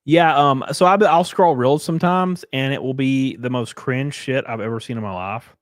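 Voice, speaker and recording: A man's voice: medium pitch, normal speed, no echo, studio quality. A man streaming live, reading chat messages and riffing sarcastically with plenty of swearing and mocking voices.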